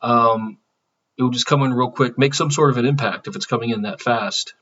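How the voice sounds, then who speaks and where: A man's voice: mid-range voice, fairly quick, a bit bright, recorded from a distance, muffled recording. A man talking casually to his channel, rambling with many fillers and restarts. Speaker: channel host. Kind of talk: casual spiritual vlog monologue.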